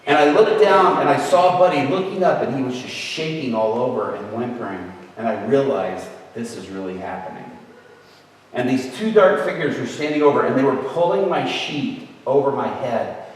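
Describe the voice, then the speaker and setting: A man's voice: mid-range voice, animated, normal speed. A man telling a personal story in a sermon, acting out the people he quotes with big jumps in his voice. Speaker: preacher. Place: large hall at an event. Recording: echoey hall from far off.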